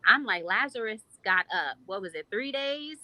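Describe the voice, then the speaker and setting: Podcast guest, woman in her thirties, bright lowish voice, heartfelt and reflective, dry close mic. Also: expressive, normal speed, dry recording, rough recording. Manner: heartfelt, reflective, speaks in long flowing runs. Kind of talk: personal testimony in a podcast interview.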